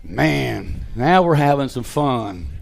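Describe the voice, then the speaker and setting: A man giving live BMX race commentary, calling riders and positions in an excited play-by-play. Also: medium pitch, slow pace, creaky. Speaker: race announcer.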